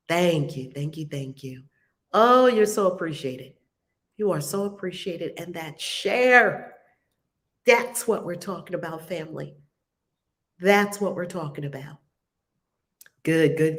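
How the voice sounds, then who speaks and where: A woman's voice: on the low side, a bit bright. A woman hosting an online spiritual group, talking in an exuberant, exclamatory way. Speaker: host of spiritual study group. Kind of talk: lively online group call.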